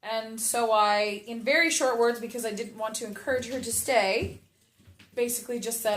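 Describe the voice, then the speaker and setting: A woman's voice: on the high side, fairly even intonation, normal speed, a bit bright. Frank, emotional woman in an echoey room. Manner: emotional, frank, repeats short phrases for emphasis. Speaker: mother and baby class instructor. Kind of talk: candid personal storytelling to camera. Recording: roomy echo.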